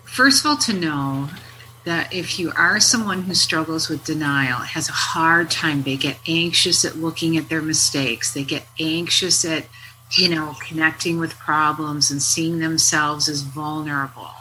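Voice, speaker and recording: Bright, animated woman therapist host. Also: deep voice, unhurried, slight background noise, rough recording. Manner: animated storyteller, swears casually. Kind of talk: casual podcast chat.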